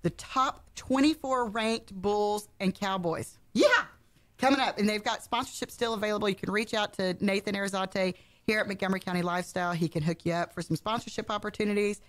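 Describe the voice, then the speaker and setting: A woman's voice: medium pitch, a little fast. A woman guest-hosting a local radio show, chatty and bubbly, joking about herself and laughing often. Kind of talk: casual radio chat.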